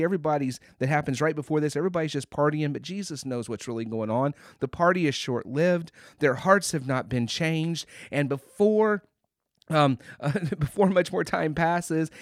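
A man's voice: on the high side, dry recording, clean studio sound. A man hosting a podcast, giving an earnest, casual Bible teaching with frequent restarts and emphatic swells. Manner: earnest, many restarts and fillers, rising to emphatic. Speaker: podcast host.

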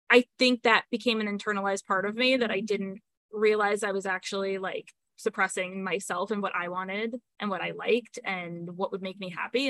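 A woman's voice: medium pitch, pushed and bright, no room sound. Talkative New woman guest. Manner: talkative, fillers, laughs between points. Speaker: podcast guest. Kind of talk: casual chat.

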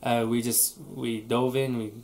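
A man co-hosting a relaxed podcast, telling a story in loose, rambling sentences that he often restarts. His voice sits at a middle pitch. A faint noise hums under the recording. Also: a little slow. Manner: rambling, frequent restarts and fillers. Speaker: podcast co-host. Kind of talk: casual chat.

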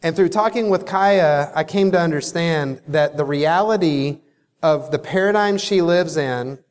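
A man delivering a motivational keynote to a sales crowd, his voice sitting a little higher than most men's. He tells his story with animated energy, playing out the back-and-forth of old phone calls. The sound carries a long trailing reverb from a large hall. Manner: animated storyteller who acts out phone dialogue. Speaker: company CEO giving a sales keynote.

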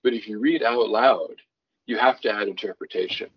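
A low-pitched man with a husky, somewhat breathy voice talks through how he builds a song from a psalm. He speaks thoughtfully, doubling back on words as he works out his point. The audio is dull and lo-fi. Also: normal speed. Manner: thoughtful, restarts often, reads scripture aloud with varied emphasis. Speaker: songwriter guest. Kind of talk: conversational explanation.

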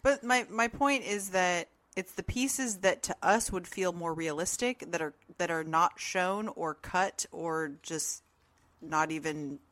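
Woman podcast host, slow rambly chat, lots of likes and you knows, dry sound. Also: lowish voice, fairly bright tone, no echo. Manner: rambling, filler-heavy, frequent laughs. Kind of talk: casual discussion. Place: room at home with open windows.

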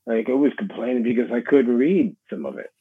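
A middle-aged man with a New York accent, a musician being interviewed, speaking in a halting, reflective way with many restarts. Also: mid-range voice. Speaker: guest musician. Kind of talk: casual interview conversation. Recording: husky voice over a tinny phone line.

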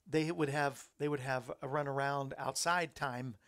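Guy hosting his talk show, rambly, laughs at his own jokes, kinda raspy fry in the voice. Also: mid-range voice, steady tone, a little slow, fairly bright tone. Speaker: host.

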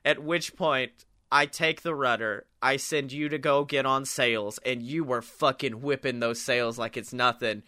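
A man co-hosting a comedy podcast, telling a story in an animated, laughing and profane way. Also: mid-range voice, measured pace, dry recording, studio quality. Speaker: podcast co-host.

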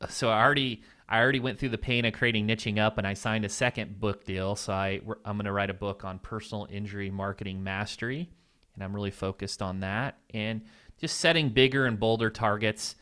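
A man with a nasal voice answering interview questions in a candid, upbeat way, listing his ideas in quick bursts. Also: lowish voice, fairly even intonation, sharp tone, clear, resonant tone. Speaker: podcast guest, agency owner.

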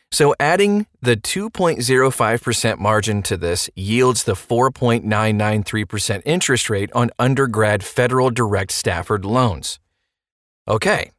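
A man's voice: lowish voice, expressive, normal speed, fairly bright tone, dry recording, clean studio sound. A man hosting a podcast and explaining a money topic in a playful way, with rhetorical questions and jokey asides. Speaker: podcast host.

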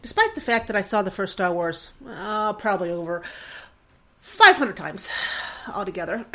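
A woman's voice: medium pitch, expressive, moderate pace, fairly bright tone. Earnest woman in her forties, rambling. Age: 40s. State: emotional. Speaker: podcast host. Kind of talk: casual reflective monologue.

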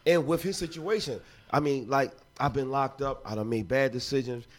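A man in his thirties co-hosting a podcast, joking loudly and laughing often in casual chat. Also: mid-range voice, moderate pace. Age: 30s. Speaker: podcast co-host.

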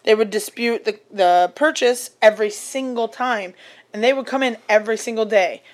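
A woman's voice: on the high side, moderate pace. A young woman chatting casually, telling rambling restaurant stories with swearing and lots of fillers. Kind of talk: casual podcast chat.

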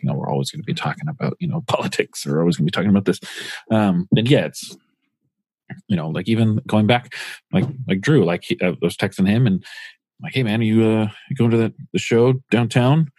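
A man's voice: sits low, darkish tone, husky, no room sound. A man co-hosting a podcast, talking casually and rambling with lots of fillers and restarts. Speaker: podcast co-host.

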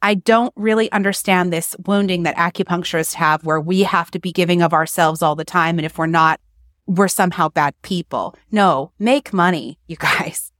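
A woman's voice: fairly low pitch, fairly even intonation, moderate pace, fairly bright tone, dry recording. Blunt, emphatic woman in dry close sound. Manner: blunt, emphatic, self-mocking with laughs. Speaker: podcast guest, acupuncture practice owner. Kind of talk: candid interview talk.

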